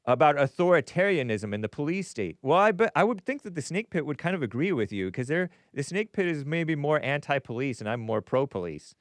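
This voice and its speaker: A man's voice: on the high side, very animated, fairly quick, hardly any pauses, no echo. A man hosting a live call-in stream, reading viewer messages aloud in a casual, rambling way with playful asides and chuckles. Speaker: call-in show host.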